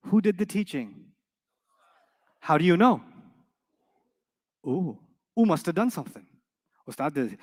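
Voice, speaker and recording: A man teaching an Arabic grammar class in a classroom, playful and animated, quizzing his students with quick questions. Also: high voice. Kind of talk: classroom lecture.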